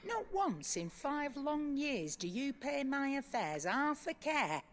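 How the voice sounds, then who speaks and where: A woman's voice: high-pitched, big pitch swings, slow, full character voice. An actress playing a prickly, proud older merchant woman, blunt and indignant. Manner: blunt, indignant, sharp-tongued.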